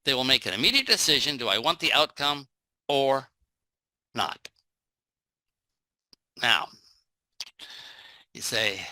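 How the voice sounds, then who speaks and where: A man's voice: medium pitch, expressive, measured pace, pauses often, pushed and bright, no echo. A man giving a live online sales training talk in a folksy, joking way, acting out little everyday scenes.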